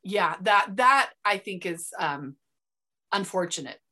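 Woman, from the US, podcast host, bright, crisp voice, animated storyteller. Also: mid-range voice, slow. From United States. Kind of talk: casual conversation.

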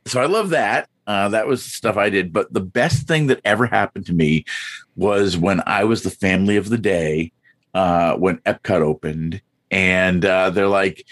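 A man with a rather low voice talks casually as a podcast guest, filling his sentences with "uh" and "like." His voice is recorded dry and close. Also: moderate pace, no echo. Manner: chatty, lots of fillers. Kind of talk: casual chat.

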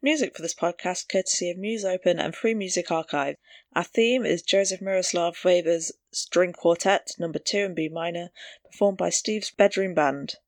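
A woman co-host with a fairly low voice, speaking carefully and precisely in relaxed discussion. Her voice is close and dry, with no room sound around it. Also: no echo. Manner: measured and precise. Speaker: podcast co-host. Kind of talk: casual chat.

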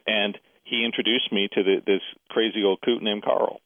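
A man with a lowish voice tells a long personal story, now and then acting out the people in it. The sound is thin and tinny, as if over a phone line. The room is dry, with no echo. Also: moderate pace. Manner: animated storyteller, quotes others in dialogue. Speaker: guest. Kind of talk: casual interview storytelling.

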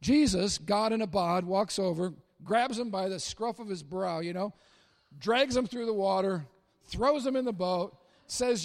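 A man preaching a sermon in an animated way, acting out the voices of Bible figures and shouting at the high points. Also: a little slow, big-room sound. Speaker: pastor.

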